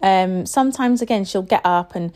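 A woman's voice: medium pitch, moderate pace, darkish tone. A woman in her thirties, a parent chatting casually and rambling with lots of fillers. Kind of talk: casual chat.

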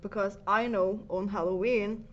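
A woman's voice: mid-range voice, steady tone, measured pace. A young woman chatting casually with a friend, giggly and rambling, often restarting her sentences. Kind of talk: casual chat. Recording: dull lo-fi sound with faint background noise.

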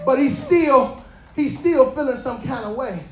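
A preacher giving a lively, colloquial sermon, repeating phrases and calling out to the congregation. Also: high-pitched, unhurried, reverberant, soft background music.

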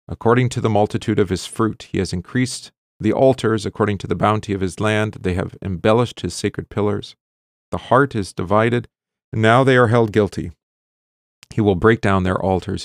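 A man's voice: lowish voice, moderate pace, dry recording, studio quality. A middle-aged man, a pastor, reading long scripture passages with rising emphasis and explaining them in loose, filler-laced asides. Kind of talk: bible reading and teaching.

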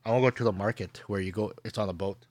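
A man's voice: lowish voice, fairly even intonation, very fast, no room sound. A man co-hosting a casual chat, joking around in slangy talk and laughing often.

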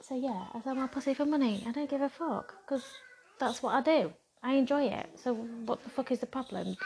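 A woman's voice: fairly high pitch, a little hiss or hum. A woman, talking frankly in a casual monologue, swearing heavily and sounding defiant. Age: 30s. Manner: blunt, heavy swearing, defiant. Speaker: content creator.

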